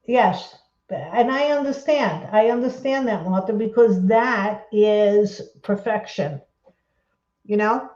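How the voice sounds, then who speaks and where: A woman hosting a crafting livestream, talking casually and rambling excitedly as she reads viewer comments and apologizes often. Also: medium pitch, slow. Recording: roomy, dull lo-fi sound.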